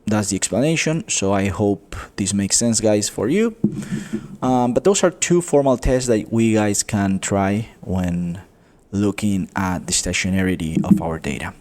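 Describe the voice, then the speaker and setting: A man teaching a coding tutorial, explaining step by step, often calling viewers "guys" and pausing with fillers. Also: on the low side, a little mellow. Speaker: economics tutor. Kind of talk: screen-recorded coding tutorial.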